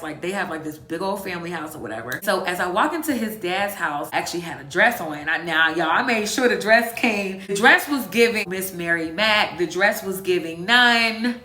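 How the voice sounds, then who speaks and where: A woman's voice: on the low side, bright, forceful tone. A woman in her twenties telling a dramatic, slang-filled story straight to her viewers in a casual vlog. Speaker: vlogger. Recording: echoey room.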